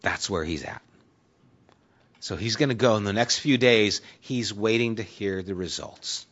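A man's voice: on the low side, unhurried, a bit bright. A man preaching a sermon in a conversational way, reading scripture aloud with dramatic emphasis. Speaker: pastor. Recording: dull lo-fi recording.

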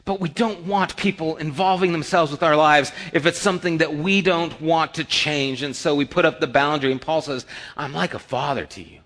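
A middle-aged male pastor preaching a sermon, telling personal stories and acting out the dialogue with rising excitement. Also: a little high, moderate pace, hardly any pauses.

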